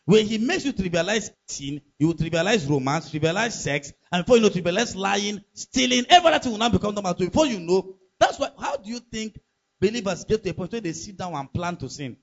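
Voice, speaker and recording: A man preaching with a high, lively voice that swings widely as he presses his points. His tone is husky, and he keeps firing rhetorical questions at the congregation. The recording sounds muffled and lo-fi. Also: brisk. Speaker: pastor. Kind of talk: sermon.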